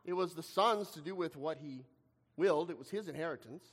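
A man preaching a sermon, dramatic in delivery, acting out the voices he quotes with swings in loudness. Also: a little high, a little fast. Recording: long reverb of a hall.

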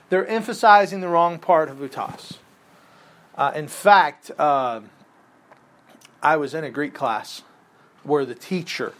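Man, Bible class teacher; relaxed, chatty lecturing, voice sits a bit high, keeps asking the room questions. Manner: conversational, quizzes the class with questions.

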